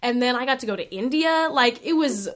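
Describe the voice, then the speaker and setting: A young woman chatting as a podcast guest, bubbly and giggly, telling stories in quick bursts. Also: high-pitched, animated. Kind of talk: casual chat.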